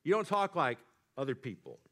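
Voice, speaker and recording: A man preaching a sermon, swinging from loud emphatic lines to low, quiet drops. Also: big pitch swings, a little fast. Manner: dynamic preaching, rising emphatic then dropping low and quiet. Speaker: pastor.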